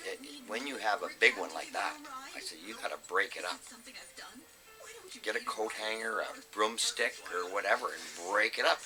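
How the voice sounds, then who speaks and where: A man's voice: on the low side, moderate pace, music in the background, low-quality recording. A middle-aged man, a plumber telling a work story in a blunt, salty way. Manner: blunt, salty, swears freely. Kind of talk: casual storytelling.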